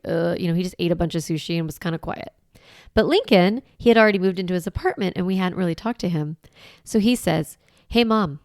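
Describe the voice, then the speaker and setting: A woman's voice: medium pitch, vocal fry, darkish tone, dry recording, studio quality. A woman in her forties hosting a solo podcast, talking in an earnest, reflective way with light laughs. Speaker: podcast host.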